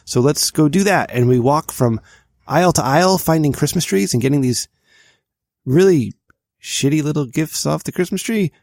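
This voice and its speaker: A man's voice: fairly high pitch, animated, normal speed, gravelly, a little mellow, dry recording, clean studio sound. A man in his thirties co-hosting a podcast, telling a long exasperated story in casual chat. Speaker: podcast co-host.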